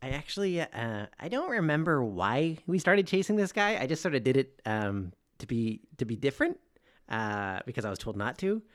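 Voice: mid-range voice, very animated, moderate pace. A player in a tabletop game, speaking hesitantly and rambling. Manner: hesitant, rambling, lots of fillers.

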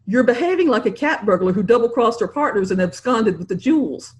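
A woman voicing a playful young gentleman who teases gently. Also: a little high, expressive, fairly quick, lightly acted. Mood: teasing. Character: teasing, gallant young English gentleman.

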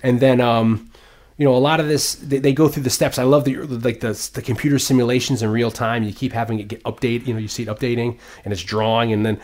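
A mid-range male voice chats casually about a movie in long, rambling stretches. He gets animated, swears freely and slips into quick voices for the characters he describes.

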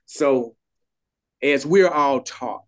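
Older lawyer telling a story. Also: male voice, mid-range voice, very slow. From Texas. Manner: animated storyteller, acts out quoted voices. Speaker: trial lawyer. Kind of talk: storytelling in a podcast interview.

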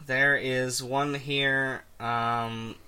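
Man, podcast co-host, bright tone, laid-back, amused, dry remarks. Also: medium pitch, little pitch movement, very slow, smooth. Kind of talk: casual podcast banter.

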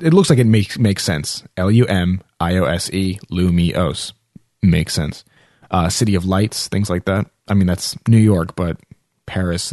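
Casual gamer guy, lowish voice, rambly, fillers and restarts, close dry mic. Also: darkish tone, dry recording. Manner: rambling, many fillers and self-corrections. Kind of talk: casual video game talk.

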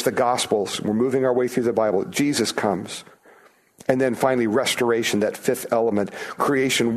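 A man preaching a sermon to his church, chatting with the congregation, asking them questions and acting out quoted voices. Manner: conversational, asks the congregation questions; acts out quoted voices with rising pitch. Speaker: pastor.

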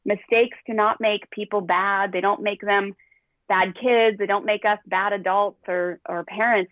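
A woman's voice: medium pitch, normal speed, no room sound. Middle-aged woman parenting coach, candid storyteller, dry thin phone-line sound. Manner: candid, animated, acts out quotes. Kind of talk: podcast conversation, storytelling.

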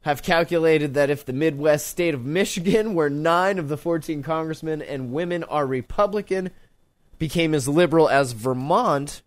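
A man's voice: on the high side, moderate pace. A man hosting a casual podcast, reading news stories aloud and cracking crude jokes between lines. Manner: reads news with crude jokes, laughs often. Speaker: podcast host.

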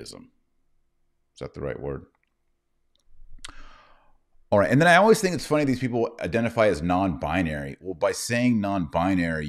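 Delivering livestream commentary, this middle-aged host of a live online show talks in a rambling, mocking way. He has a rumbling low, gravelly voice.

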